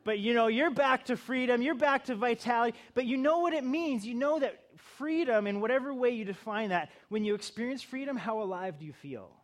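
A man's voice: extremely high pitch, a little fast, few pauses. A middle-aged male pastor giving a conversational sermon, building to emphatic bursts.

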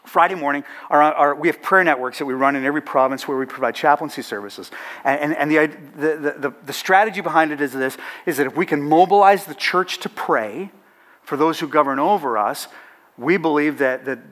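A middle-aged man from Canada tells a lively story to a crowd, with a slightly raised voice. His delivery is animated and anecdotal, full of playful asides. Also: a little high, brisk. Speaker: chaplaincy organization leader. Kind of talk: storytelling talk to an audience.

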